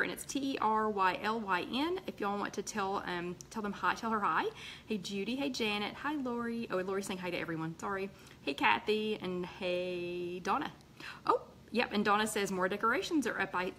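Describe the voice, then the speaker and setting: Chatty woman hosting a live chat. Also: a little hiss or hum. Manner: chatty, greets viewers by name between sentences; lively pitch jumps on greetings. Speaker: host of a live weight-loss chat. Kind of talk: casual live-stream chat. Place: home room with tall windows.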